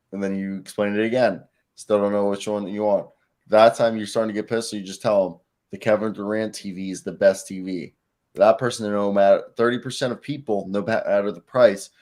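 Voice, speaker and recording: Young male co-host, lowish voice, loose rambling talk, lots of "like". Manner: rambling, filler-heavy, animated storytelling. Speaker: co-host of a basketball show. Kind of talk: casual sports talk.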